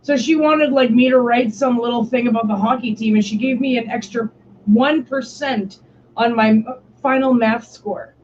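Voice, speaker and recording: A young woman hosts a stream, chatting casually and telling stories while swearing a lot and saying "like" nonstop. Her voice sits fairly high and moves at a normal speed. The stream audio is muffled and lo-fi, with slight background noise.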